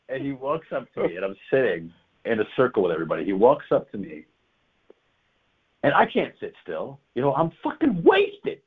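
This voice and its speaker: Over a tinny, phone-like line, a man tells a wild story in casual conversation, laughing a lot and swearing freely. His animated voice is medium-pitched, a little fast, with a breathy edge.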